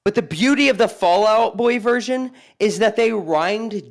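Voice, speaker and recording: A man co-hosting a stream, talking in an animated, argumentative way. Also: high-pitched, a little slow, creaky. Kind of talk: casual stream banter.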